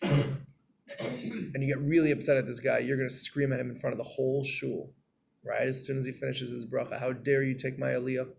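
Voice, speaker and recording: A man giving a Torah class in a storytelling way, acting out scenes and getting loud and animated. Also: medium pitch, normal speed, creaky, pauses often, a little hiss or hum.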